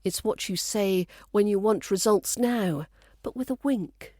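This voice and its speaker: British woman, podcast accent teacher, playful crisp read, mid pitch, dry booth sound. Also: unhurried, a little mellow, no echo. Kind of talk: scripted podcast lesson.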